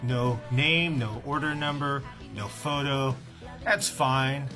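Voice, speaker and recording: A man's voice: mid-range voice, takes it slowly. Middle-aged guy, medium voice, dry and fed up, reading customer emails, bit of music behind. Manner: dry, exasperated, reads emails aloud. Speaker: record label owner doing customer service. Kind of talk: deadpan comic storytelling to camera.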